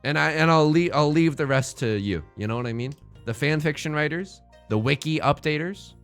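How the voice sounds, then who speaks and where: A man's voice: on the high side, normal speed, fairly bright tone, soft background music. A young man chatting casually while streaming a game, joking and rambling playfully as he plays.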